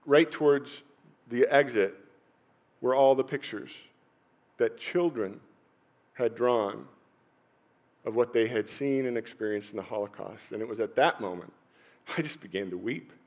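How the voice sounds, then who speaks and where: A middle-aged pastor delivers a sermon built around personal anecdotes, pausing often and suddenly surging in volume. His voice falls in the middle range.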